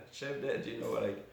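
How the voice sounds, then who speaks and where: Speaking in a creaky, medium-pitched voice, a man tells a story conversationally during an informal temple class, wandering into many asides. The temple hall sounds very echoey, and a faint hiss runs under the recording.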